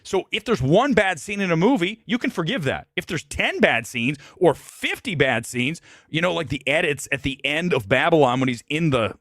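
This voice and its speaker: A man hosting a live movie talk show, giving blunt and opinionated takes on awards picks, jumping between loud outbursts and low muttered asides. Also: very animated, moderate pace, no echo, clean studio sound. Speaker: film talk show host. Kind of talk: live movie review chat.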